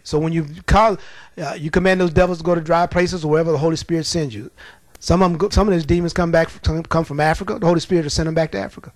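Male preacher, high voice, emphatic and colloquial storytelling, dry close recording. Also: steady tone, fast talker, no room sound. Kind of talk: sermon.

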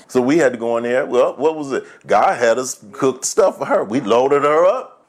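Folksy preacher man, mid-pitched voice. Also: animated. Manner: conversational preaching, slow deliberate scripture reading; folksy, chuckles through his stories. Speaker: pastor. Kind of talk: sermon.

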